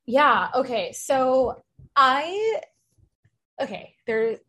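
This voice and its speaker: Woman, life coach guest, earnest, encouraging, slightly high voice. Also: very animated, drawn-out words, pushed and bright. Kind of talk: casual interview chat.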